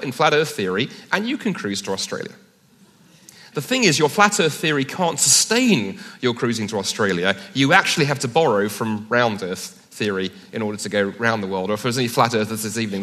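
A man with a bright, forceful voice argues at a live debate, animated and fond of jokes and quick asides. His voice rings with the long reverb of a large event hall. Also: mid-range voice. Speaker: debate speaker.

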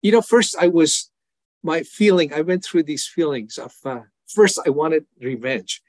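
An older man tells his testimony in an interview, earnest and heartfelt. His voice sits fairly high for a man. The sound is close and dry. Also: animated, unhurried, no echo. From Iran. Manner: earnest, acts out prayers and voices in dialogue. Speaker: evangelist guest.

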